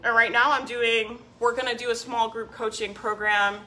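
Woman, business coach, slightly high voice, bright tone, casual live-stream talk, emphatic, persuasive, fillers "like" and "right?". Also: fairly even intonation, normal speed. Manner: answers viewer comments by name.

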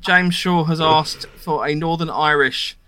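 A man's voice: on the high side, measured pace, background noise. A man co-hosting a casual podcast chat, joking with friends and reading out listener reviews. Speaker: podcast co-host.

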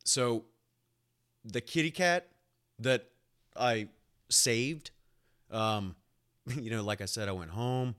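A man's voice: medium pitch, takes it slowly, long pauses, smooth. Rambling young man telling a story. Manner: rambling, animated, swears freely, fillers like "like" and "uh". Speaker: podcast host and nurse. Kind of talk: casual solo podcast storytelling.

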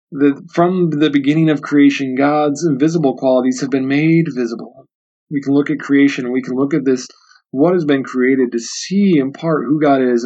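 A man hosts a book discussion podcast in a mellow, mid-range voice, speaking earnestly and repeating himself as he thinks aloud. The sound is dull and lo-fi.

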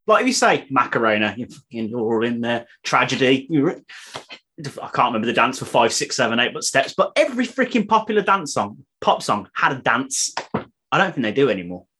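Husky Brummie man ranting. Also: mid-range voice, big pitch swings, a little fast, sharp tone. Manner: opinionated, ranting, sweary. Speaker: podcast host. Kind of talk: casual chat.

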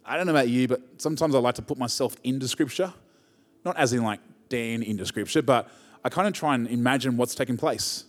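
Pastor preaching in a reverberant hall. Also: male voice, medium pitch, fairly quick. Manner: conversational preaching, builds to emphatic rises. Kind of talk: sermon.

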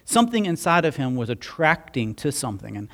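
A pastor giving a conversational sermon, telling a personal story with animated delivery. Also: male voice, medium pitch, a little fast. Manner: animated, acts out dialogue in the story.

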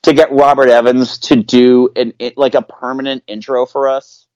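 A man's voice: medium pitch, flat delivery, normal speed, darkish tone, no echo, muffled recording. A man hosting a podcast in casual chat, joking and sarcastic as he runs the show. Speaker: podcast host.

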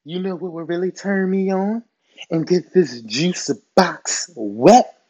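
A man's voice: sits high, slow pace, a little mellow. A man quoting a bold, seductive adult woman in his story, in a coaxing, suggestive tone.

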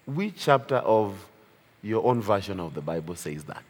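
A man preaching a sermon on a Bible passage, asking his listeners questions and laughing between lines. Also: fairly low pitch. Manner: slow, lively preaching with laughs and rhetorical questions. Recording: reverberant hall.

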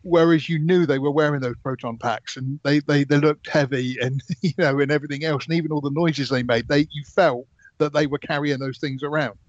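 A man's voice: fairly high pitch, fairly even intonation, fairly quick, dry recording, highs cut off. A man hosting a casual movie podcast, easygoing, chuckling and steering the conversation. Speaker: podcast host.

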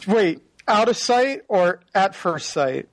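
A man's voice: high voice, lively intonation, takes it slowly, dry recording. A man co-hosting a casual chat about new movie releases, running through the list with wry, dry humor. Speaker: podcast co-host reading release list.

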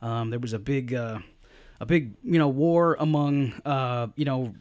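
A man's voice: medium pitch, unhurried, a little mellow. A man co-hosting a casual movie review podcast, agreeable with short replies and dry jokes. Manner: agreeable, lots of short backchannels, dry humor. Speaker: podcast co-host.

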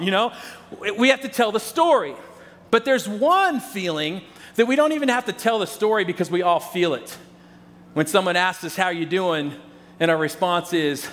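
A man's voice: sits high, animated, moderate pace, fairly bright tone. A man preaching a sermon as pastor, talking to his congregation in a casual, conversational way and often repeating his words as he goes. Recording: long hall reverb.

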